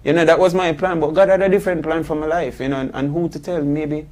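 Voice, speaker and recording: A man's voice: fairly high pitch, steady tone, quick pace, a little mellow. A man, a guest musician chatting in a studio interview, telling his story with many "you know" fillers. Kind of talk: casual interview chat. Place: radio studio.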